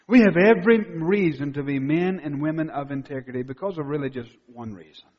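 A male pastor preaching a sermon, swinging from quiet, intimate asides to loud, emphatic declarations. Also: fairly high pitch, a little fast, in a large hall, highs cut off. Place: church sanctuary.

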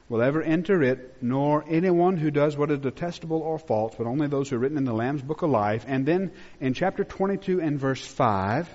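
A male pastor preaching a sermon, swinging between loud emphatic peaks and hushed low drops. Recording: muffled sound with long reverb in a large hall.

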